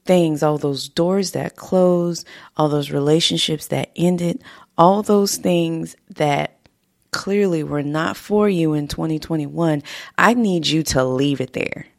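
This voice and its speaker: A woman hosts a casual motivational podcast, heartfelt and a little emotional, laughing often as she speaks. Her voice is low, slow, gravelly, and darkish, captured dry and at studio quality on a podcast mic in a home studio.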